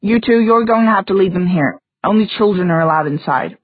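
A stern female guard gives brisk orders in a fantasy audiobook, as a woman narrator reads her lines. The tone is slightly husky, and the sound is narrow and phone-like. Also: mid-range voice, expressive, no room sound, natural voice.

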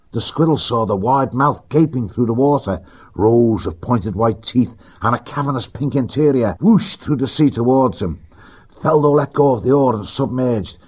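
A man narrating an animal adventure audiobook in a steady, vivid reading. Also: mid-range voice, breathy edge. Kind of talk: scripted storybook narration. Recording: dull lo-fi recording.

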